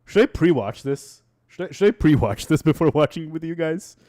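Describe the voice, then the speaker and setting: A man's voice: fairly high pitch, expressive, moderate pace, mellow. A man streaming casually, reacting to old clips of himself, exasperated and swearing. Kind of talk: casual livestream chat.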